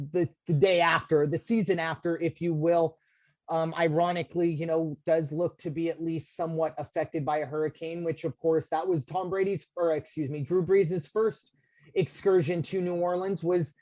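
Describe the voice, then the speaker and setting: A man's voice: fairly high pitch, darkish tone, no echo. Rambling American man on a podcast. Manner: rambling, filler-heavy, many restarts. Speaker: podcast co-host. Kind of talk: casual sports talk.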